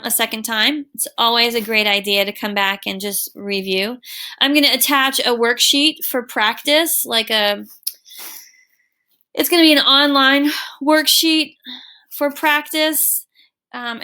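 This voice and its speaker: Woman, teacher, recorded online lesson, bright voice, slightly high pitch, encouraging, affectionate. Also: clear, resonant tone. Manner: encouraging, affectionate with students, stresses words with "right?" and "okay?".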